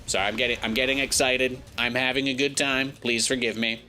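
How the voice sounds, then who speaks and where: A man with an American accent giving excitable, joking commentary while he plays and streams a game. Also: medium pitch, brisk, hardly any pauses, slight background noise. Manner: excitable, joking, talks to himself and chat. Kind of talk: casual gameplay commentary.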